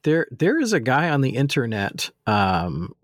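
A man's voice: mid-range voice, huge pitch swings, unhurried, no echo, studio quality. Easygoing male podcast co-host. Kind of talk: casual chat.

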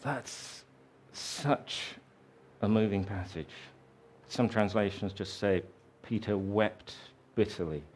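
A man preaching a sermon, telling a story slowly and reflectively, raising his voice for the quoted lines. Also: lowish voice, darkish tone, a little hiss or hum.

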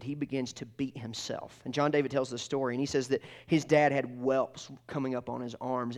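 A male pastor preaching a storytelling sermon, swinging from loud, excited passages down to hushed whispers. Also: medium pitch.

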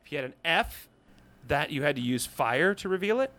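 Lively, jokey man telling stories. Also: fairly high pitch, a little fast. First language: English. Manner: animated, jokey storytelling with profanity. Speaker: podcast co-host. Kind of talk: casual comedic chat.

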